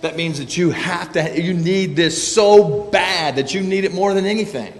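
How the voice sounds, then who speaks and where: A man's voice: high voice, normal speed, long reverb tail. A man preaching a casual sermon in a church sanctuary, telling folksy stories with joking asides. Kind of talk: conversational sermon.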